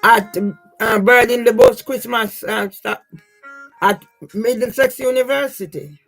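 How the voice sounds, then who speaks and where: A woman's voice: fairly high pitch, measured pace, vocal fry, fairly bright tone, soft background music, poor audio. An older woman talking casually through her personal photos in a rambling, grieving way, often checking in with the listener. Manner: rambling, repeatedly asks "yeah?"; grieving, aggrieved. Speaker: vlogger.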